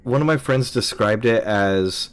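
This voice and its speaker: A man's voice: mid-range voice, measured pace, clear, resonant tone. A young man streaming a game, chatting casually in a rambling, filler-heavy way and answering viewers' questions. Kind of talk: casual chat while streaming gameplay.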